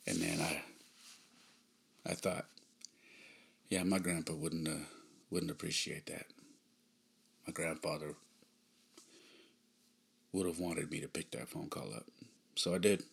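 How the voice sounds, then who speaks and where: A man in his thirties hosting a podcast, telling a personal story in a subdued, halting way with frequent sighs. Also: rumbling low, steady tone, vocal fry. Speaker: podcast host.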